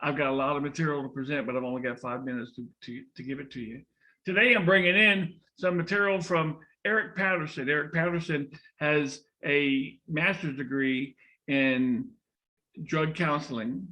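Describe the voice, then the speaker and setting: A man's voice: fairly high pitch, normal speed, sharp tone. A middle-aged man giving an earnest storytelling speech to a class, with many restarts. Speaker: speaker in a public speaking class.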